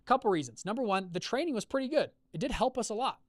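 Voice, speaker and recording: A man hosting a live call, telling a personal business story in a conversational way, acting out quoted dialogue with lively shifts. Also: high voice, quick pace, no echo. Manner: energetic, acts out quoted dialogue with shifting voices; conversational, many fillers and check-ins. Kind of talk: storytelling talk to an audience.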